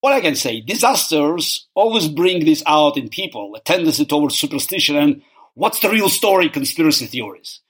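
Wry man with a husky voice. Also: fairly high pitch, very animated, normal speed, a bit bright. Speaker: podcast co-host. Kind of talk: casual chat.

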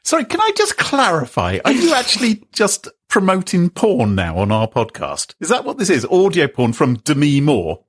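Teasing man with a husky voice. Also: a little high, huge pitch swings, moderate pace, few pauses, no echo, studio quality. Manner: teasing, mock-shocked. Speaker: podcast host. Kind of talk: casual chat.

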